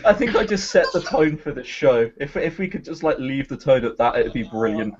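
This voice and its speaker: A man's voice: mid-range voice, a little fast. An English man in casual podcast chat, swearing a lot as he spins a story. His voice swings widely up and down, and the audio sounds dull and lo-fi, like an old livestream. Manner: swears freely, animated storytelling. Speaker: podcast co-host.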